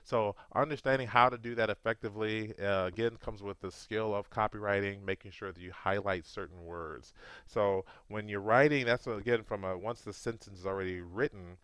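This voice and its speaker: Low, smooth-voiced man teaching marketing. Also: moderate pace, fairly bright tone, dry recording. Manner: conversational, loose, repeats and self-corrects. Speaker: marketing officer giving a lesson. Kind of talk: casual video tutorial.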